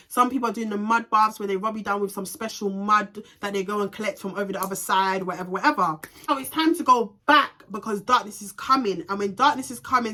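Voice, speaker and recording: A young woman telling a storytime vlog, animated and ranting, swearing heavily and slipping in Jamaican patois slang. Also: mid-range voice. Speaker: vlogger.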